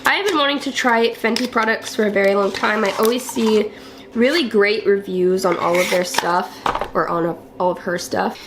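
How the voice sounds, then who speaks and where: A woman's voice: mid-range voice, moderate pace, background noise. A young woman getting over a cold, chatting casually through a makeup vlog with a cough drop in her mouth, full of "um" and "like". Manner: chatty, lots of "um" and "like". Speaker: beauty vlogger. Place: small temporary filming room indoors.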